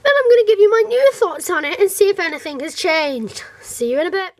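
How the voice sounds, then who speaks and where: A woman with a high, light voice chats to camera as a fan reviewer. She sounds animated and rambling, with frequent fillers and restarts. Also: a little fast. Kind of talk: casual chat to camera.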